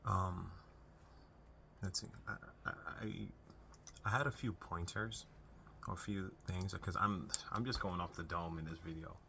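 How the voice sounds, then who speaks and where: Deep-voiced young man giving earnest advice. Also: fairly even intonation, unhurried, vocal fry, pauses often, bright, forceful tone, a little hiss or hum. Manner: earnest, conversational, many restarts and asides. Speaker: self-help video host. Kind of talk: unscripted advice talk to camera.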